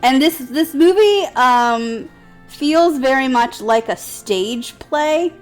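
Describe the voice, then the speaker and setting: A woman's voice: high-pitched, expressive, slow pace, soft background music. A woman co-hosting a casual gaming chat, rambling through a story and laughing often. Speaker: let's play co-host.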